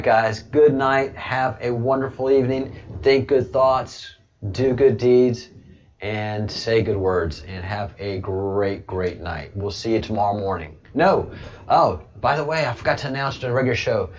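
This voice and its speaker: A man's voice: lowish voice, unhurried. Rambling man hosting a live chat. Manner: rambling, chuckling, hesitant fillers. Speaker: host of a live chat stream. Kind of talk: casual livestream chat. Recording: dull lo-fi stream audio.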